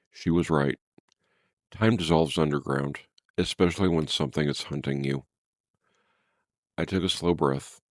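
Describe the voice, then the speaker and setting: A man's voice: rumbling low, fairly even intonation, measured pace, pauses often, dry recording, studio quality. A man reading a first-person horror story in a grave, tense, dramatic way.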